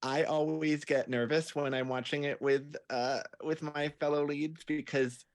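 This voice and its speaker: A man's voice: a little high, fairly even intonation, measured pace, clear, resonant tone, no echo. A man who directs and acts, explaining his work at length in a casual interview. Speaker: director, writer and actor.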